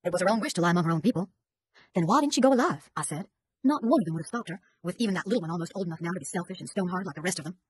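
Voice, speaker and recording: A woman's voice: fairly low pitch, very fast, breathy edge, no room sound. A woman reading a first-person chapter of a novel as an audiobook, with an indignant, gossipy manner. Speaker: audiobook narrator.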